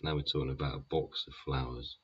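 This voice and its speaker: Very deep husky man, sweary rant. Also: flat delivery, fast talker. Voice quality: heavy swearing, rhetorical tag questions. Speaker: podcast host. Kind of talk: sweary rambling monologue. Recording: dull lo-fi recording.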